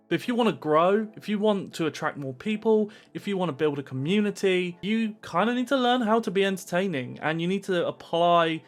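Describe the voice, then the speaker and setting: Upbeat man vlogging advice. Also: a little high. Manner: animated, pumped-up presenter energy. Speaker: Twitch streamer giving advice. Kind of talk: energetic direct-to-camera advice vlog.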